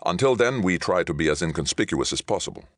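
A tense, clipped starship captain barks orders in a storybook reading, voiced by a man. His voice rides noticeably higher than the narrator's own deep tone and pushes louder. It is a dry, close reading. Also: lively intonation, fast talker, dry recording. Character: tense male starship captain under fire.

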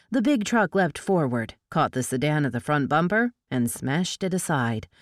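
A woman narrating a novel aloud in a steady, measured storytelling manner. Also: deep voice, dry recording, clean studio sound. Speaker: audiobook narrator.

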